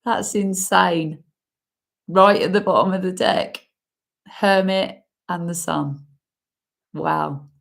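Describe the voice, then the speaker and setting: Slow-talking, emotional woman card reader. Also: fairly low pitch, steady tone, gravelly. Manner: slow, heartfelt, breaks into emotional laughs and sighs. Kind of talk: emotional spoken card reading.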